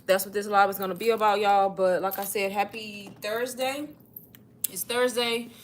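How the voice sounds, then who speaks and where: A woman's voice: medium pitch, steady tone, normal speed, a little hiss or hum. A young woman hosting a casual livestream, chatty and a little out of breath, calling her viewers y'all. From Texas. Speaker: livestream host.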